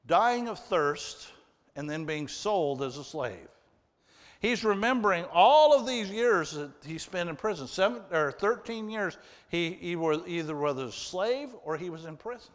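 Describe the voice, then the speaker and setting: Man preaching, slow deliberate delivery, fairly high voice, long echo of a hall. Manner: earnest, addressing the congregation directly. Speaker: pastor. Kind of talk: sermon reading and explaining scripture.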